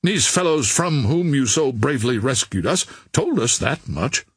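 A man's voice: mid-range voice, lively intonation, moderate pace, husky, no room sound. A man reading an audiobook voices a formal, agitated naval captain in a somewhat raised voice. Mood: grave. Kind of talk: audiobook character voice.

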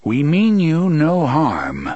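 A man voicing a grim, laconic gunslinger who speaks quietly and tersely. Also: on the low side, sing-song, measured pace, breathy edge, no room sound, highs cut off, full character voice. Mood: calm.

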